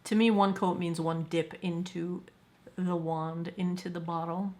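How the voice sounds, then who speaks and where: A woman's voice: fairly low pitch, flat delivery, unhurried, darkish tone. A woman in her forties doing a candid, self-deprecating makeup chat as a beauty vlogger, filmed at home. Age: 40s. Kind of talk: get-ready-with-me makeup chat.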